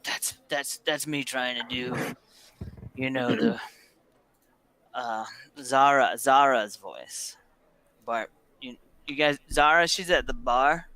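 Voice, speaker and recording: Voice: medium pitch, animated, slow, pushed and bright. A game master narrating a tabletop game, chatty and laughing while explaining the voices.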